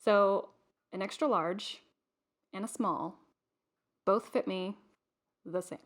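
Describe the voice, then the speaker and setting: A woman's voice: mid-range voice, takes it slowly. Chatty woman vlogger, rambling talk. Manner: chatty, rambling with many fillers and restarts. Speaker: vlog host. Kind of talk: casual chat to camera.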